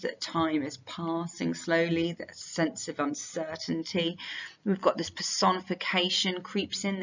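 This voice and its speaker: Woman teacher, gravelly voice. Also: on the low side, fairly bright tone. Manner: explanatory, reads quotations aloud. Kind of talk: exam revision tutorial. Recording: dull lo-fi sound.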